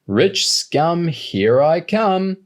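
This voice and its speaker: Man voicing a loud, snarling young burglar. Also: medium pitch, animated, a little slow, slightly rough. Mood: aggressive. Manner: aggressive, barking orders. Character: brash young male armed hotel burglar. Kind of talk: audiobook reading.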